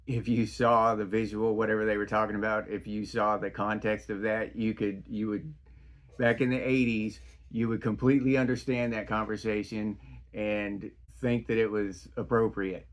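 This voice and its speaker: A middle-aged man hosting his own podcast, talking in a casual, rambling monologue full of restarts. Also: on the low side. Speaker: podcast host.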